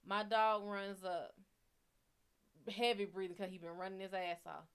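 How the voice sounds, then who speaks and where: A woman's voice: medium pitch, level tone, unhurried, a bit bright, smooth. A woman hosting a show, telling a story in a blunt, profane and heated way. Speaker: psychic reader and show host. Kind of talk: casual storytelling.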